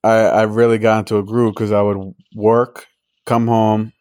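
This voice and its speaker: Young male podcast co-host, relaxed rambling chatter, low pitch, dry booth sound. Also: moderate pace, clean tone, dry recording. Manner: rambling, many "like" fillers, laughs easily. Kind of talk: casual chat.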